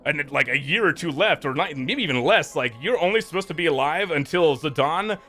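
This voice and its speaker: A man voicing a dying old male villain who speaks telepathically and talks down to his rival in a low, dismissive way. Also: animated, a little fast, sharp tone, faint music behind.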